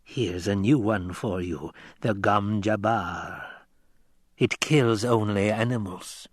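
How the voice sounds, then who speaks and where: A man voicing a menacing old woman who speaks slowly and commandingly, recorded dry and close. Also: lowish voice, no room sound. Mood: stern, menacing. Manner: slow, stern, commanding. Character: menacing old female witch-like crone.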